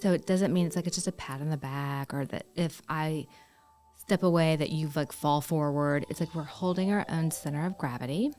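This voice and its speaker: A woman with a fairly low voice co-hosts a podcast in a casual conversational style. She explains her ideas in a calm, reassuring manner. A faint bed of music sits behind her. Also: moderate pace. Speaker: podcast co-host.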